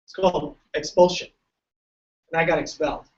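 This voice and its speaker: A man's voice: a little high, level tone, moderate pace, recorded from a distance, highs cut off. A man giving a joking, story-filled motivational talk to students at a large event. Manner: joking, tells stories, laughs often. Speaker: keynote speaker.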